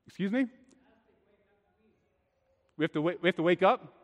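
Man, pastor, sermon, earnest, quiet to emphatic, reverberant hall. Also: high voice, steady tone, rapid-fire, muffled recording. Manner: earnest, rising and falling between quiet and emphatic.

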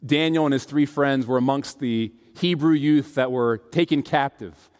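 A man preaching a sermon, telling stories in an animated way and acting out the voices of the people he quotes. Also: mid-range voice, normal speed, smooth. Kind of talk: sermon with storytelling. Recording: long hall reverb.

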